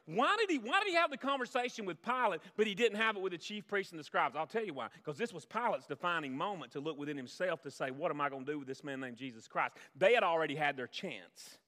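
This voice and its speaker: A man preaching a sermon as a pastor, swinging between loud emphasis and hushed, low-voiced reflection. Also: in a large hall. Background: band music.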